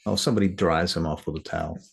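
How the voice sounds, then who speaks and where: Male game master; deep, husky, wry narrator. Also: steady tone, fast. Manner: wry, laughing asides.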